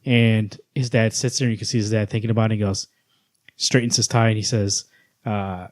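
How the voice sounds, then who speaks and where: A man with a fairly low voice in a casual podcast chat, recorded dry and close. He talks with enthusiasm and acts out quoted lines as he retells scenes. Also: little pitch movement, a little fast, a little mellow, no echo. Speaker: podcast co-host. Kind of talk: casual comic book chat.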